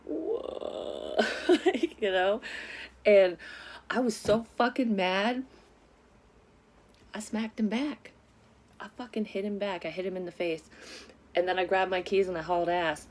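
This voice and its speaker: Low-voiced woman telling a story casually. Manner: candid, frequent swearing, animated retelling. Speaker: psychic vlogger telling a personal story.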